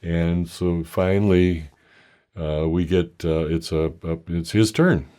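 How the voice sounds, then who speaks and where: An older man telling a meandering, self-deprecating personal story with halting restarts. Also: low voice, steady tone, warm tone.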